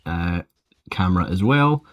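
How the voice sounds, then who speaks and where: A man's voice: low voice, lively intonation, unhurried, no echo. A man hosting a live stream on a lavalier mic, upbeat and rambling, talking to viewers as folks. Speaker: host of a live portfolio review stream. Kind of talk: casual live-stream chat.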